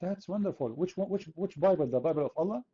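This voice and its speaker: A man's voice: sits high, lively intonation, quick pace, warm tone, slightly rough, lo-fi sound. A man from the Middle East, hosting an online chat room debate in a sarcastic, mocking, argumentative way. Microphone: computer mic.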